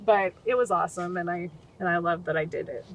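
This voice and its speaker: Poor audio captures a brisk, lower-pitched female voice. The speaker, a Utah woman in her forties, guests on a podcast to narrate her life, animatedly voicing the people she quotes.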